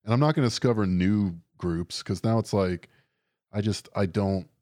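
A man's voice: lowish voice, moderate pace, warm tone, no echo, clean studio sound. A young man chatting casually on a podcast, rambling and sardonic, swearing often and leaning on fillers. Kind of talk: casual chat.

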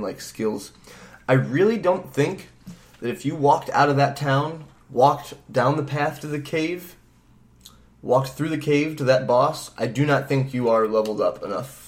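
A man co-hosting a podcast, rambling casually about a video game, swearing freely and acting out bits of dialogue. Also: medium pitch. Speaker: podcast co-host.

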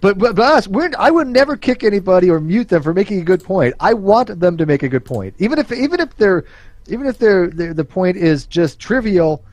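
A man's voice: high-pitched, sing-song, fairly quick, darkish tone, no echo. A man hosting a casual panel chat, rambling and swearing, with frequent restarts. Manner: rambling, profane, restarts often. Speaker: podcast host.

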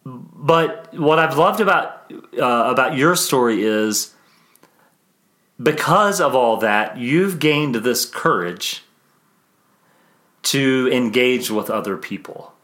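A man's voice: mid-range voice, animated, slow. Musing male podcast host. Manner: warm, musing, many restarts and trailing phrases. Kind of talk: conversational interview.

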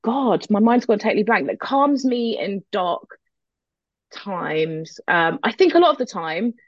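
A woman's voice: mid-range voice, animated, unhurried, no room sound, highs cut off. A woman guest in a casual interview, talking candidly with a self-deprecating streak, swearing casually and laughing easily. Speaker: guest, metal vocalist.

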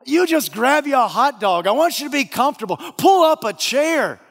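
A man's voice: fairly high pitch, big pitch swings, a little slow, big-room sound. A preacher playing a complacent, easygoing man in charge of a camp who brushes off requests to help. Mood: cheerful coaxing. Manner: cheerfully coaxing, then drawling and dismissive.

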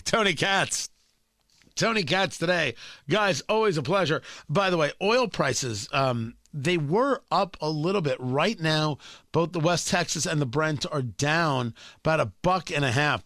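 High, bright-voiced sarcastic male talk host. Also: lively intonation, unhurried, dry recording, studio quality. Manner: sarcastic, emphatic, incredulous. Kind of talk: opinionated political talk commentary.

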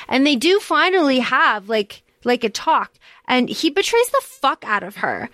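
A woman co-hosting a podcast, discussing books in an animated way, swearing freely and acting out characters' lines. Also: sits high, a little slow, dry recording. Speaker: podcast co-host. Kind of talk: casual book discussion.

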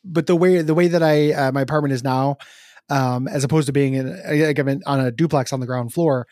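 A man co-hosting a casual gaming podcast, talking in halting bursts with fillers, restarts and frequent laughs. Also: medium pitch, fairly even intonation, a little mellow, no echo, clean studio sound. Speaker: podcast co-host. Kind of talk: casual chat.

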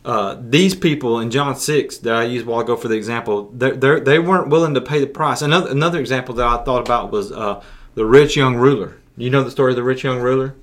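A man's voice: mid-range voice, quick pace. A man hosting a casual sermon podcast for young listeners, folksy and prone to repeating words as he restarts. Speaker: youth pastor podcast host.

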